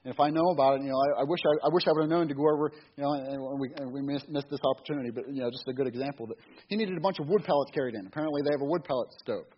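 A man's voice: medium pitch, very fast, few pauses, breathy edge. A middle-aged man giving a casual, rambling sermon, restarting and repeating words in a folksy way, on a dull lo-fi recording with faint hiss. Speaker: church speaker.

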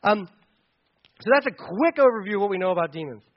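A man preaching in a loose, conversational way, often stumbling and restarting as he explains. His voice sits fairly high for a man. The sound is dull and lo-fi. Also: expressive, fast talker. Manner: casual, chatty, with many restarts and fillers. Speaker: pastor. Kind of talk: conversational sermon.

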